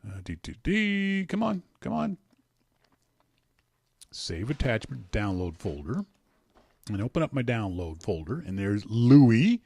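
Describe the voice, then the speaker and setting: A man's voice: lowish voice, big pitch swings, slow, gravelly, long pauses, dark tone, breathy edge, dry recording. A middle-aged man hosting a casual podcast, reading listener emails aloud with a chatty, teasing manner and frequent laughs. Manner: chatty and teasing, laughs often, many restarts. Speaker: podcast host.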